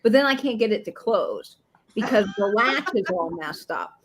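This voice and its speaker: A woman with an ordinary mid-pitched voice tells an animated, chatty story on a live video call. She rambles happily and pulls her friends along. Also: moderate pace, slight background noise, low-quality recording. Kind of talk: casual group chat.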